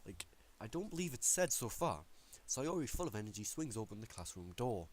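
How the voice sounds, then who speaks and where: A man's voice: fairly low pitch, very animated, brisk, hardly any pauses. A young man hosting a let's play, reading game text aloud with casual, profane, self-mocking commentary. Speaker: gaming channel host.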